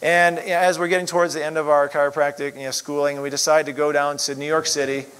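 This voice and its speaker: Middle-aged man, fairly high voice, casual rambling testimony, filler-heavy. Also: level tone, fast, fairly bright tone, smooth, low-quality recording. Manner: rambling, lots of "you know" fillers. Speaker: chiropractor sharing testimony.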